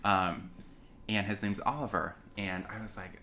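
A young American man tells a rambling, self-deprecating story in a casual chat. His voice sits very low but has a bright, forceful edge. A faint noise runs behind him. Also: steady tone, moderate pace. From United States. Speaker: podcast guest.

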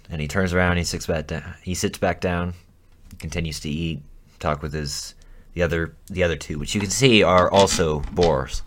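A man with a fairly low voice runs a tabletop game for his friends. He narrates casually, stopping and restarting mid-sentence as he builds the scene. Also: fairly even intonation, moderate pace. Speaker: game master.

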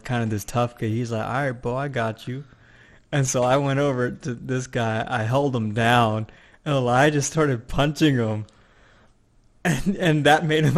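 A young man in casual conversation, recounting a childhood mishap with plenty of energy. His pitch sits in an ordinary middle range, and he slips into little voices when he quotes people. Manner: animated storyteller, acts out voices. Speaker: podcast guest. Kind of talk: casual chat, storytelling.

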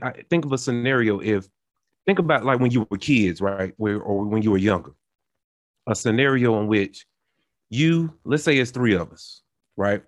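A young podcast host with a lowish voice earnestly explains his point in casual conversation, using everyday examples and restarting often. The studio-quality recording has no room sound.

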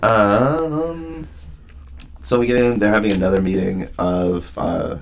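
A man co-hosting a casual book discussion, retelling scenes in a relaxed, rambling way with lots of filler words. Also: lowish voice, takes it slowly, vocal fry, slight background noise. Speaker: podcast co-host.

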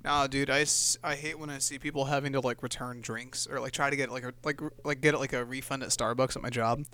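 A young man co-hosting a loose, casual podcast, with a voice at an ordinary middle pitch. He jokes in a laid-back way and swears freely. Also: steady tone, quick pace, bright, forceful tone, clean tone. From California. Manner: laid-back, joking, profane. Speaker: podcast co-host. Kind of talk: casual chat.

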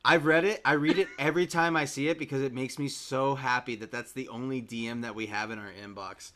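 A man co-hosting a podcast, excitable and teasing, often breaking into laughter. His voice is bright and forceful. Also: medium pitch, fairly quick. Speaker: podcast co-host. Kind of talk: casual podcast chat.

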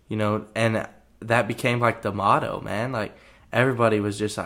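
On his own podcast, a young college football player tells a story casually at a moderate pace. His voice is a little low, and he's relaxed and rambling, constantly leaning on "you know" and "uh."

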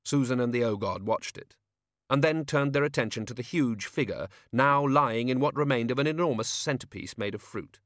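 A man reads an audiobook in a wry, measured way. His voice sits at a middling pitch. The recording is dry and close. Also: fairly bright tone, dry recording. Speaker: audiobook narrator. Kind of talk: audiobook narration.

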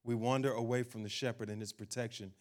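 A man preaching a sermon, emphatic, slowing down to read scripture. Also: medium pitch, fairly even intonation. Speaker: pastor.

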